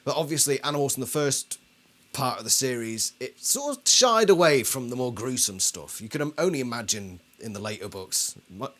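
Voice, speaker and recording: A man hosts a casual commentary video in a mid-pitched voice that moves up and down a lot. He talks in a loose, conversational way and often turns to his viewers with a question. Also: lively intonation, moderate pace, fairly bright tone. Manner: conversational, asks the audience questions. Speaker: video host.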